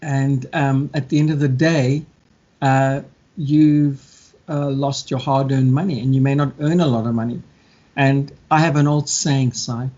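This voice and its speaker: Husky animated man, lo-fi sound. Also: mid-range voice. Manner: animated storyteller, acts out scammers and victims in quick mock voices. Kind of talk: casual chat. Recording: dull lo-fi sound.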